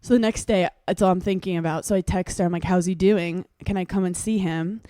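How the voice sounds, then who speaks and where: A woman's voice: lowish voice, fairly quick, dry recording. Young woman, podcast co-host, casual storytelling, dry close mic. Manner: animated storyteller, acts out voices.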